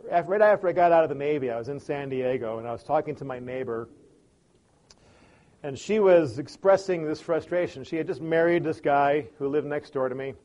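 A man's voice: on the high side, a little fast, a little mellow, muffled recording. A man giving a lesson on listening in a conversational way, telling stories and acting out the people in them. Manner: conversational, acts out quoted people. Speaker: teacher on listening. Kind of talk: lecture with anecdotes.

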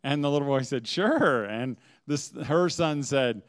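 A man speaking to a room of mothers, telling humorous stories with lots of laughter and big swings in loudness. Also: medium pitch, moderate pace, clear, resonant tone. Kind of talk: humorous talk to a live audience. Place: room with an audience.

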